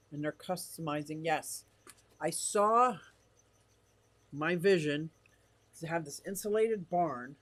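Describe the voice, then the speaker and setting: A man's voice: on the high side, no room sound. An older man live-streaming from his fish room, rambling casually and reading comments from the chat aloud.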